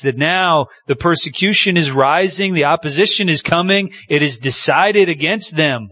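A man's voice: a little high, fairly bright tone, dry recording, dull audio. A man preaching a sermon, reading scripture aloud and building emphasis as he speaks. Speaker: pastor.

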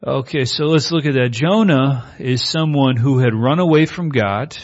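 A man preaching a sermon in a conversational style, moving between reading scripture and lively asides. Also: medium pitch, normal speed. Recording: slightly muffled recording.

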